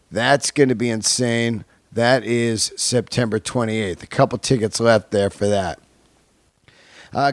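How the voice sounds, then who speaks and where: A middle-aged man hosts his podcast in a loose, swearing style, often breaking into laughter. His voice sits at an ordinary pitch and is recorded close and dry, with no room sound. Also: clean tone, no room sound. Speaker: podcast host. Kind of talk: casual monologue and interview.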